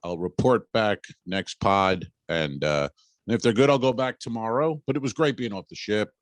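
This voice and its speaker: Male comic storyteller, lowish voice, plays out every line of the story. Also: normal speed, no room sound. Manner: animated storyteller acting out dialogue. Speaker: comedian and podcast co-host. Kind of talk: casual storytelling chat.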